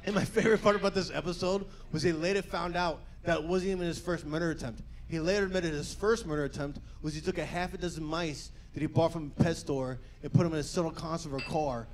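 High-pitched guy doing stand-up on a club stage, swears a lot, pops into quick voices, faint room noise. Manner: energetic, profane, jumps into quick character voices. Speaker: stand-up comedian. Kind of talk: stand-up comedy set.

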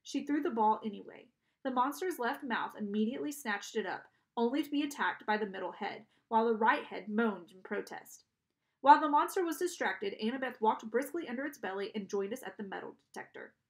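A woman reading a children's novel aloud in an expressive narrating style. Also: a little high, a little fast. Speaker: audiobook reader. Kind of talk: storybook narration.

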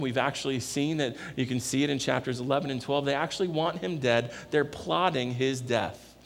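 A man's voice: on the high side, gravelly. A man preaching a sermon as pastor, pressing his listeners with earnest, repeated questions. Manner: earnest, repetitive rhetorical questions. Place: church sanctuary. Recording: echoey church hall with long reverb.

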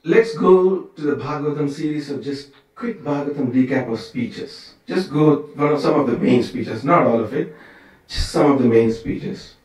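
A man teaching a scripture class in a loose, conversational way, tossing out rhetorical questions. His voice is mid-pitched and picked up from far off. The temple hall gives it a heavy, ringing echo. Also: normal speed, a little mellow. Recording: very echoey room, from far off.

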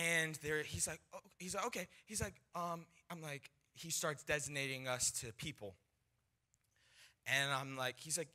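A young man preaching, telling a personal testimony in an animated storytelling way and acting out the voices of people in his story. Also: on the high side, moderate pace. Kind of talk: sermon testimony.

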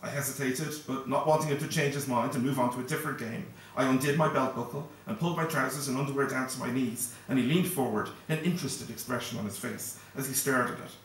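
A man's voice: mid-range voice, slight background noise. Man reading aloud in an echoey hall. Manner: measured, steady first-person narration. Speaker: author. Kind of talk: reading his novel aloud at a live event. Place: event hall. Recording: echoey hall, distant mic.

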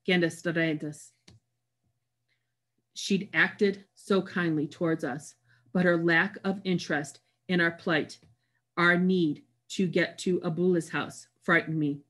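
Expressive woman audiobook narrator. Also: on the low side. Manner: expressive, storytelling reading. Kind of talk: first-person novel narration.

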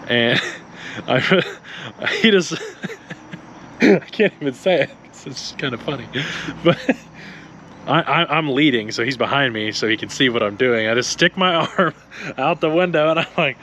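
A man's voice: medium pitch, lively intonation, measured pace, long pauses, a bit bright. A man tells a road-trip story in a casual car vlog. He rambles, stumbles over his words and laughs a lot. A faint hum of outdoor noise runs behind his voice. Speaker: co-host of car channel.

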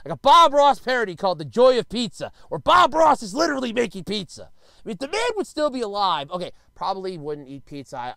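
A man's voice: sits high, dry recording. A man on a comic rant, his voice leaping up and down as he exclaims and repeats himself for emphasis. The sound is close and dry, with no room around it. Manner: animated, exclamatory ranting with repetitions. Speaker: vlogger. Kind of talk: comedic rant.

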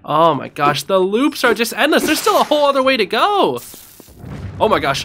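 Excitable high-voiced young man gaming. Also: normal speed, slight background noise. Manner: excitable, talks to himself and the game. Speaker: gaming channel host. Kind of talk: casual let's play commentary.

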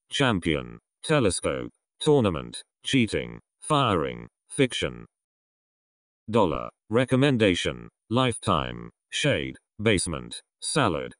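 Man, deep voice, slow word list reading, dry close sound. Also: dry recording. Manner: isolated words with pauses between. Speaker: vocabulary list reader.

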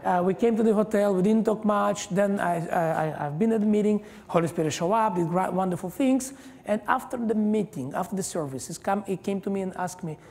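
A man preaching a sermon as a guest pastor, emphatic and halting, with many hallelujahs and non-native phrasing, recorded in a church hall. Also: sits high, creaky, a little mellow. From Israel. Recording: long reverb of a large church hall.

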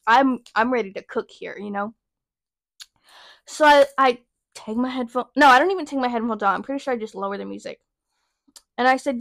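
A woman's voice: sits high, moderate pace, no room sound. Sassy young woman ranting, dry close mic. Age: young adult. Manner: animated, profane, sassy. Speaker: podcast host. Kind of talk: casual storytelling rant.

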